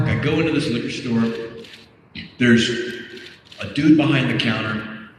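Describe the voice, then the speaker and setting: A man, a guest actor at a fan panel, telling a profane, animated story and stumbling over repeated words. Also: mid-range voice. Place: convention hall. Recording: echoey hall, distant mic, faint hum.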